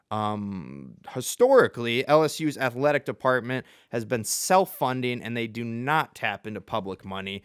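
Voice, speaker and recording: A man's voice: medium pitch, moderate pace, clean tone, dry recording, clean studio sound. A man hosting a sports show with casual, rambling commentary. He is self-deprecating and chuckles in the middle of sentences.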